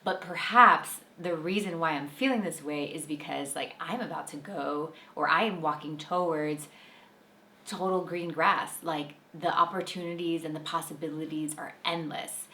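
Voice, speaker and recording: Woman, chatty spiritual talk, low voice, echoey room. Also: normal speed. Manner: chatty, uses "like" constantly, animated quoting. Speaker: podcast host and intuitive guide.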